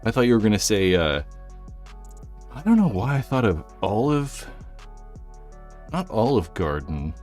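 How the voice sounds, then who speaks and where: A man's voice: lowish voice, sing-song, unhurried, pauses often, darkish tone, faint music behind. Rambling, jokey male live streamer. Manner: rambling, jokey, reads chat aloud. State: out of breath. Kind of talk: casual live stream chat.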